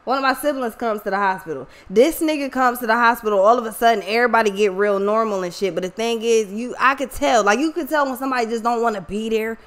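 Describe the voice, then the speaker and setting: Female vlogger, casual storytelling, raw and profane, slightly high voice. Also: fast, hardly any pauses. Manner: profane, emotional, slangy, talks to viewers directly. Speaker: online reader and vlogger.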